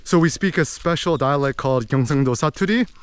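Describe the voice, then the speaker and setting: An American man rambles through a casual vlog outdoors in a village. His voice sits a little high and comes through smooth and clear. He talks in an animated way, full of fillers. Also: a little fast. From United States. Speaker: vlogger. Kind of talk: casual walking vlog monologue.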